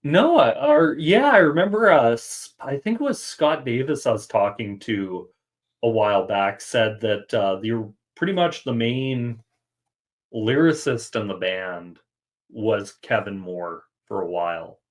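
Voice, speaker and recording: A man's voice: medium pitch, lively intonation, a little slow. A man hosting a music podcast, chatting casually and thinking aloud with fillers. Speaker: podcast host. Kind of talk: casual chat.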